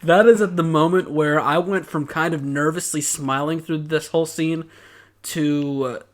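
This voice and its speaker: A man with a fairly high voice and a light Southern accent from Georgia teases his co-host through a casual episode recap. His jokes come dry and wry. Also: fairly even intonation, normal speed. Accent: mild Southern US, Georgia. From Georgia, USA. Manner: teasing, wry joking. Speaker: podcast co-host. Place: studio at a podcasting table.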